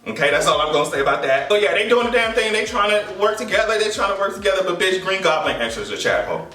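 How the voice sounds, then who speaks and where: Guy doing a movie recap, bright voice kinda high, cussing and cracking up, sounds a bit off the mic in an echoey room. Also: fast, far from the mic. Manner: animated, profane and playful, laughing often. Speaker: movie reaction vlogger.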